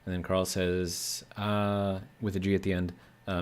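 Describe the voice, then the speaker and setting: A man's voice: low-pitched, level tone, unhurried, smooth. A man streaming a building game, chatting casually, reading viewer comments aloud and musing as he plays. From Georgia, USA.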